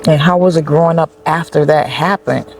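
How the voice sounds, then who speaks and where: A man's voice: fairly high pitch, fairly even intonation, a little fast, gravelly. A man interviewing a guest, mostly giving short reactions and asking brief questions. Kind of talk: casual interview. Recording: faint background noise.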